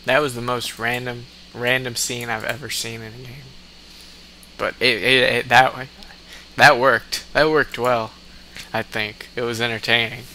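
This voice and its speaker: A man's voice: mid-range voice, flat delivery, measured pace, sharp tone, a little hiss or hum. A man doing let's play commentary, reading game commands aloud and laughing often in amusement. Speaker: gamer.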